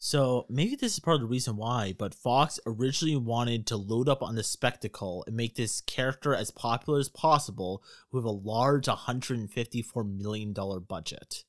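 A man's voice: mid-range voice, normal speed, few pauses, no room sound, studio quality. A man co-hosting a casual podcast, relaying facts and reading quotes aloud. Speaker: podcast co-host.

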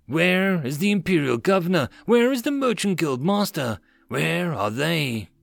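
A man's voice: a little high, sing-song, measured pace, creaky, no echo, pitched above the performer's own voice, heavily acted. Guy reading as a hissy angry rebel ex-slave, bitter, swings his voice all over. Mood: scornful. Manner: hissing, bitter, fervent. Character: scheming angry ex-slave male rebel leader.

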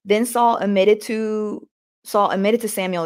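A woman's voice: mid-range voice, steady tone, a little slow, a little mellow, clear, resonant tone. A woman podcast host reading scripture aloud, stumbling and correcting herself, then retelling the scenes in casual everyday words. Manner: reads aloud with frequent restarts and self-corrections. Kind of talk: devotional reading with casual commentary.

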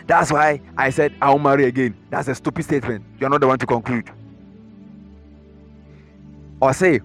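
A man with a Ghanaian English accent preaching a lively sermon in church, acting out the voices of troubled believers. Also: mid-range voice, quick pace, hardly any pauses, faint music behind. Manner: dramatic, acts out inner voices and congregants. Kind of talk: animated sermon.

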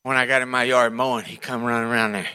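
A male pastor tells a sermon story in a folksy, joking way. His voice is bright and forceful, and he jumps into quick impressions of the people he describes. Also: mid-range voice, little pitch movement, clear, resonant tone. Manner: folksy and humorous, acts out voices in his stories.

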